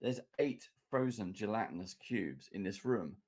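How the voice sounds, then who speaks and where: A man hosting a casual chat, telling an animated story about running a tabletop game and laughing as he goes. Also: lowish voice, a little slow, husky. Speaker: game master and podcast host.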